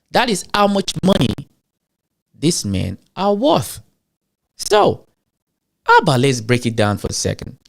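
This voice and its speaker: Animated man ranting with an African accent. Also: a little high. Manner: rhetorical questions, asks the audience, emphatic. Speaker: show host.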